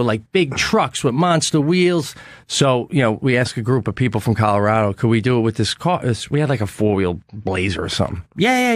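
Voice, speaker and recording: A man telling a story in casual chat, animated and swearing freely, acting out the people in it. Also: lowish voice, dry recording, clean studio sound. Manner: animated, acts out quoted people.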